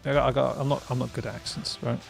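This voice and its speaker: Gravelly-voiced man chatting on stream. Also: mid-range voice, flat delivery, quick pace, faint music behind. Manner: rambling, laughs often, tags "right?" and "bruv". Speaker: streamer host. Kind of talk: casual stream chat.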